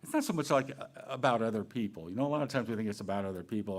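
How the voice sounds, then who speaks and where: A very animated minister with a fairly low voice talks quickly from the sanctuary, preaching in a chatty, playful manner. He quizzes his congregation and dramatizes quoted lines as he goes.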